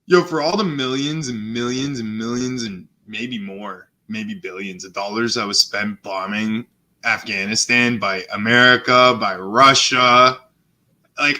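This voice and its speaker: A man hosts a live stream, rambling through casual chat, swearing a lot and slipping into mock voices. His voice is medium-pitched, pushed and bright.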